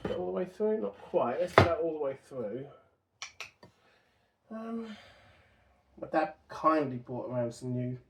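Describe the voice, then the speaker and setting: A man chatting casually to the camera as he works on an old car in his home workshop, joking at his own expense and talking to himself. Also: mid-range voice. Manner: self-deprecating, chatty, talks to himself while working. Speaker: car restoration vlogger. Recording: noisy workshop with dogs barking.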